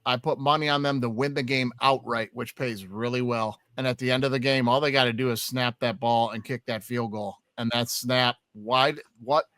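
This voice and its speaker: A man hosting a sports podcast, talking through football picks in a casual, animated way. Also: mid-range voice, moderate pace, few pauses, dry recording, clean studio sound. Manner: animated, swears when excited. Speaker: podcast host. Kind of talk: casual sports betting chat.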